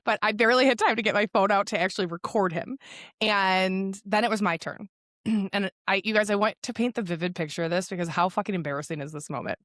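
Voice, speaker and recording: Podcast host, woman, thirties, casual and profane, mid-pitched, dry room. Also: quick pace, no echo. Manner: profane, animated storytelling. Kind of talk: casual motivational monologue.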